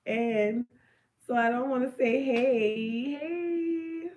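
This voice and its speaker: A woman from the New Orleans area with a New Orleans accent, talking in a rambling live-stream monologue. She is animated, swears, and swings from loud to hushed. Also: sits high, very slow, a little hiss or hum. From New Orleans area, Louisiana. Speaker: livestream host.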